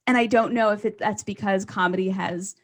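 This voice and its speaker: A woman's voice: mid-range voice, fairly even intonation, fairly quick. A woman stand-up comedian in casual conversation, chatty and rambling, laughing often.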